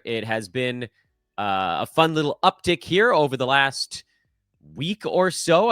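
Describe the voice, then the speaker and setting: Animated man hosting a fantasy basketball show. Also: medium pitch, dry recording, clean studio sound. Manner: animated, jokey, rambling asides. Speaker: fantasy basketball podcast host. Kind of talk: casual solo sports analysis.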